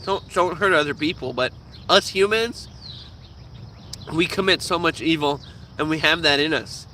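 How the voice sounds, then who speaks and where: Man, casual vlog rant, profane and animated, fairly high voice, loud outdoor noise behind. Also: normal speed. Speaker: vlogger.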